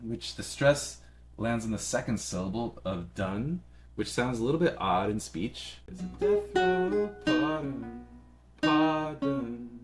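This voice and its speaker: A man casually explaining song melody and lyric stress as a music teacher, in a friendly, conversational way. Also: on the low side. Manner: explains in a friendly, conversational way and sings short phrases.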